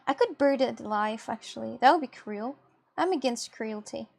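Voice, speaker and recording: A woman's voice: a little high, expressive, moderate pace, gravelly. A young woman chatting casually with her viewers while drawing on a livestream, laughing often and reacting to chat. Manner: giggly, chatty, talks to viewers. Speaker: streamer.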